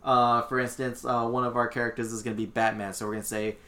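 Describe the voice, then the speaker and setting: A man's voice: medium pitch, quick pace. A man hosting a casual chat among friends, rambling with lots of fillers as he explains. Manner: rambling, filler-heavy, relaxed. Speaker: podcast host leading the segment.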